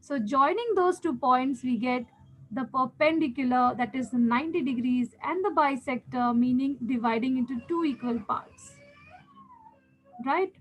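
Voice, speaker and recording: Woman, Indian English accent, high voice, maths teacher, patient step-by-step explaining. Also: a little slow, poor audio. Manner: patient, repeats key steps, checks in with students. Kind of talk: step-by-step classroom lesson.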